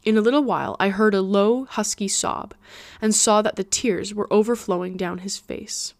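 A woman podcast host narrating a classic novel in a steady audiobook reading. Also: medium pitch, moderate pace, gravelly, dry recording, clean studio sound.

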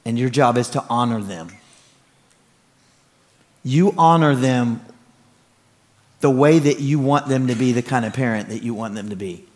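A man pastor preaching a storytelling sermon from a church stage, animated and exclaiming as he talks. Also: medium pitch, a little slow, long pauses. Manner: animated, exclaiming, laughing through stories.

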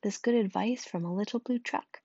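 A cheerful storybook mayor who speaks in a grand, speechmaking way, as a woman reading aloud puts him on. The voice is slightly raspy, and the recording is dry and dull. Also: medium pitch, moderate pace, mellow, dry recording. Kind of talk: reading a picture book aloud. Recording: dull, muffled sound.

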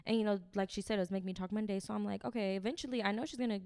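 A woman's voice: mid-range voice, steady tone, racing, a little mellow, clean tone. A young woman co-hosting a podcast, telling a story in slangy casual chat with lots of laughter. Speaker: podcast co-host.

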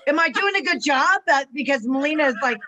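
Woman, slightly high voice, giggly, telling stories in a casual chat. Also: animated, a little fast, sharp tone. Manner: giggly, storytelling.

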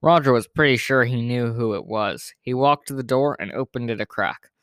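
A man reads a children's story aloud with steady, plain storybook pacing. His mid-pitched voice is recorded close and dry, with no room sound behind it. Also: moderate pace, dry recording.

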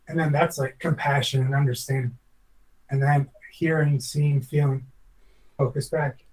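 A man's voice: medium pitch, fairly even intonation, measured pace, a little mellow, recorded from a distance, rough recording. A former chef, a man, telling a long personal story in a podcast interview, reflective and earnest, rambling with many restarts.

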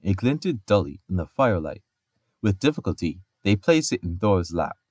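A man hosting a podcast, narrating myths with expressive storytelling and playful asides. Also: deep voice, normal speed, no room sound, studio quality.

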